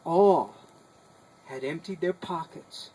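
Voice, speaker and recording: Unhurried male storyteller with dramatic pauses. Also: a little high, low-quality recording. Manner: dramatic, animated, with sudden shifts in loudness. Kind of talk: live folk storytelling to a small group. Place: sukkah, a small outdoor booth.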